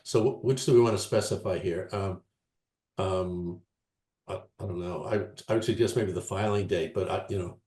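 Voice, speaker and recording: A man's voice: low-pitched, moderate pace, warm tone, roomy sound. A man on a town committee, speaking hesitantly and thinking aloud in a meeting discussion. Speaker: committee member.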